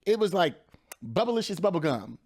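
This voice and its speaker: St. Louis accent, podcast co-host, playful, dramatic storytelling, animated pitch. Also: normal speed. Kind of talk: casual chat.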